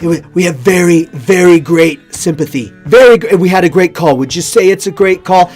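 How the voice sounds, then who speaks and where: A man's voice: high-pitched, normal speed, darkish tone, soft background music. A man doing a jokey impression of a boastful older male politician, repeating himself as he brags. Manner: repetitive, bragging delivery.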